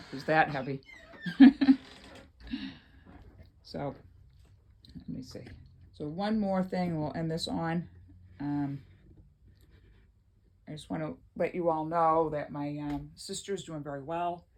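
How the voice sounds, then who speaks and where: A woman's voice: low voice, steady tone, measured pace, long pauses. A woman vlogging from her home in a rambling, chatty way, often laughing as she talks. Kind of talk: casual chat to camera.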